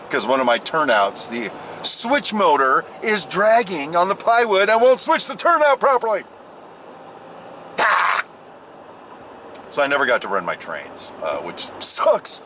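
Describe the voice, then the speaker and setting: With a mid-range voice, a US vlogger recounts a funny story in relaxed, casual style. He stays animated throughout, swinging into loud exclamations and imitated voices over slight background noise.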